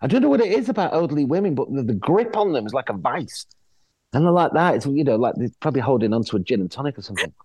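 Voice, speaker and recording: A man's voice: mid-range voice, racing, breathy edge, no room sound. A middle-aged man, telling anecdotes in casual chat as an actor guest, acting out the voices of people he quotes. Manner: animated storyteller, acts out quoted voices, frequent restarts.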